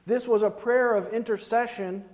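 Man, sermon, fairly high voice, long hall echo, dull muffled sound. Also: fairly even intonation, moderate pace. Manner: conversational, rhetorical asides. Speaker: preacher. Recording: dull reverberant hall recording.

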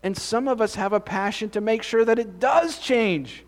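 A man's voice: sits high, normal speed. A man preaching a conversational Bible-teaching sermon, reading scripture and asking the congregation questions.

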